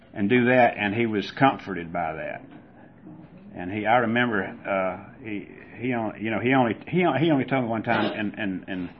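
Older Southern man, husky voice, folksy testimony that acts out the voices; dull lo-fi recording. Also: on the low side. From Georgia, US. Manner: folksy storyteller who acts out voices loudly. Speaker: speaker at a recovery meeting. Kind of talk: personal testimony to an audience.

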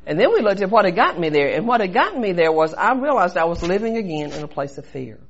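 Woman, earnest testimony speaker, gravelly fry, dull lo-fi recording. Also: lowish voice, very animated, fast talker. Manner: earnest, storytelling with repetition. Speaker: recovery meeting speaker. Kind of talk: personal testimony share.

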